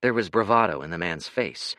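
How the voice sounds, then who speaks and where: A man narrating an audiobook in an expressive, dramatic reading. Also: low voice, brisk, dry recording, studio quality.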